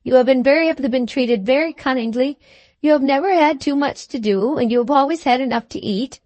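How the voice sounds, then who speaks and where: A woman voicing a timid, fussy old lady with a shrill, trembling voice in a storybook reading. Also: sing-song, measured pace, no room sound. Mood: alarmed.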